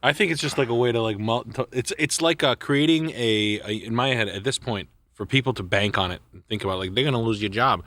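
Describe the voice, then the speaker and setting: A man co-hosting a casual podcast chat, rambling and profane, who keeps slipping into quick impressions of people he met. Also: mid-range voice, fairly bright tone, no room sound. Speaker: podcast co-host.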